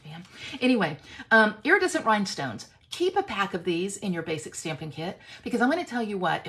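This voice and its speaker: A woman's voice: mid-range voice, fairly bright tone. A woman hosting a casual craft tutorial, chatty and self-teasing, often checking in with "okay?" as she works.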